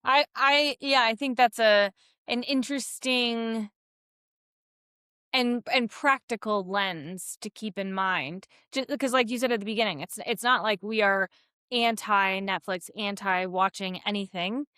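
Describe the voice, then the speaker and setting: Bright, thoughtful woman podcast host. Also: medium pitch, smooth, no room sound, clean studio sound. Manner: thoughtful, hesitant restarts, measured. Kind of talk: casual conversational chat.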